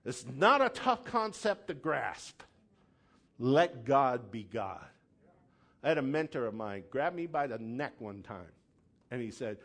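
Animated man preaching a sermon. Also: medium pitch, measured pace, creaky. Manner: animated preaching, builds to loud emphatic peaks; conversational asides, checks in with "okay?". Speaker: pastor.

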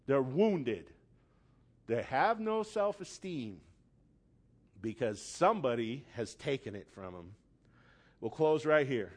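A man preaching a sermon, telling a story dramatically and building from quiet, hushed lines to loud, forceful appeals. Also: mid-range voice, sing-song, slow pace, long pauses.

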